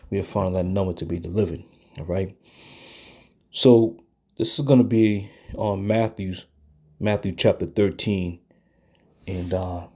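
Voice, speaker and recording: A man teaching a Bible study lesson in a deliberate way, often pausing to check in with his listeners. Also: low voice, mellow, husky.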